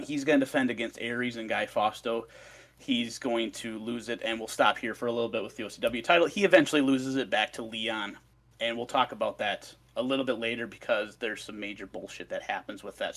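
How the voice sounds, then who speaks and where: A man's voice: medium pitch, fairly bright tone. A man on a podcast, recounting a story in a swearing, ranting casual chat. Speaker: podcast co-host presenting research.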